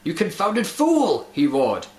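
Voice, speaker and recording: A man's voice: sits high, wildly swooping pitch, measured pace, warm tone, full character voice. A man voicing a blustering male ship's officer from old times who roars with rage, in an echoey room. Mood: enraged. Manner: roaring, blustering.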